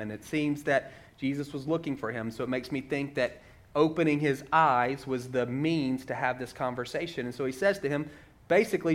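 A man preaching a sermon in a conversational way, walking through a story and asking many rhetorical questions. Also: medium pitch.

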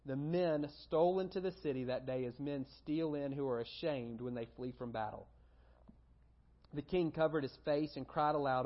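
A man's voice: on the high side, moderate pace, lo-fi sound. A man preaching as a pastor, reading scripture aloud and then explaining it in a conversational way. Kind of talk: sermon.

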